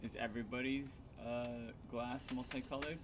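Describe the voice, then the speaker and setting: A man's voice: mid-range voice, fairly even intonation, normal speed. A man playing a tabletop game, asking questions of the characters around him. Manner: questioning, curious. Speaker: player. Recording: noisy home table recording.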